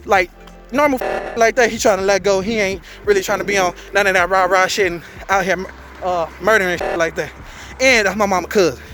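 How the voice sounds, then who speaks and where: A man with a high-pitched voice tells a story to his viewers in a loose, casual vlog style. His delivery is profane and animated, and he slips into character voices to act out quotes. Music plays clearly behind him. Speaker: vlogger.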